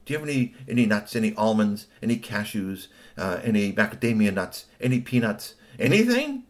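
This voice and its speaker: A man voicing an excited, bossy woman in a children's story who talks insistently. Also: on the low side, brisk. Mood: eager. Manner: insistent and gushing.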